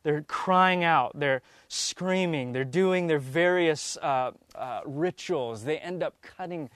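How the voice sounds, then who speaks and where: A man's voice: a little high, slow pace, fairly bright tone, clear, resonant tone, no room sound, studio quality. A man teaching the Bible, reading verses aloud and then stopping to explain them.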